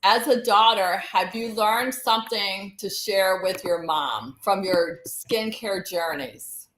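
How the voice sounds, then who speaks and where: A woman hosting a casual interview, upbeat and quick to laugh. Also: mid-range voice, fairly bright tone, reverberant, slight background noise, poor audio. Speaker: host.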